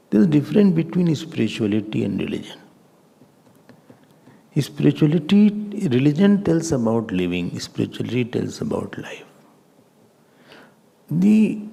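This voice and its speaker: A man, a swami giving a spiritual discourse as an animated storyteller who acts out other people. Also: medium pitch, creaky. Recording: long reverb in a hall.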